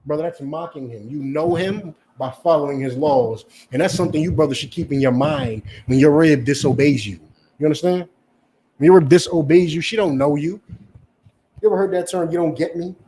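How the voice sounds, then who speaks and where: A man's voice: fairly high pitch, fairly quick, warm tone, a little hiss or hum. A male preacher giving a confrontational sermon, lecturing in a profane style and asking "You understand?" again and again. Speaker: preacher and teacher.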